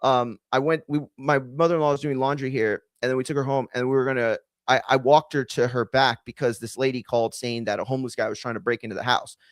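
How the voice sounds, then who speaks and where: Profane, animated male podcast host. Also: medium pitch, quick pace, few pauses, dry recording. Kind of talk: casual storytelling.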